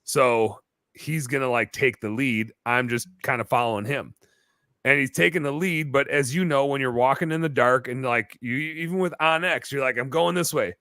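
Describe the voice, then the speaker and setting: A man telling a long story as a podcast guest, animated and full of fillers in casual chat. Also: mid-range voice, normal speed, no echo. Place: bar-themed podcast set.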